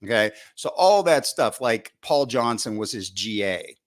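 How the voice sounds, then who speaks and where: At a measured pace and in a mid-range voice, the middle-aged football coach recounts coaching stories as a podcast guest. The storytelling is animated, full of acted-out past thoughts, repeated restarts, and "you know" fillers.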